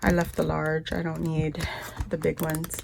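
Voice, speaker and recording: Woman vlogger, low-pitched and unhurried, rambling haul chat with sudden high gushing squeals. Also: completely flat delivery, vocal fry, slight background noise. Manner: rambling and chatty, gushes in high squeals over cute items. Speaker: craft vlogger. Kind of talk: casual shopping haul chat.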